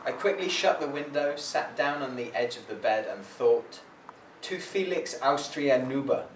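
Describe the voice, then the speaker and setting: A man introducing and reading a collaborative poem at a live reading, in a measured way with hesitant fillers. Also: medium pitch, expressive, a little hiss or hum. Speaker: performing poet. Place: library reading room. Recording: echoey room, voice from far off.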